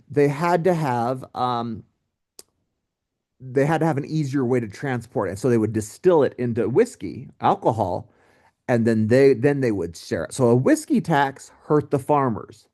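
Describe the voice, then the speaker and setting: A man teaching a history lesson in a casual, joking way, with lively asides to his students. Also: medium pitch, a little slow. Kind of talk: recorded history lecture.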